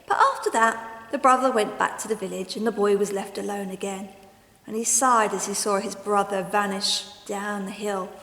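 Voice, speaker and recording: A woman leading a school assembly and reading a story aloud to young children in an expressive, animated way. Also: medium pitch, moderate pace. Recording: echoey hall with long reverb.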